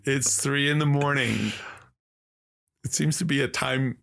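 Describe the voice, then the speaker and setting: A man telling a long, animated story as a podcast guest in casual conversation. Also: medium pitch, vocal fry. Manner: slow, drawn-out, animated storytelling.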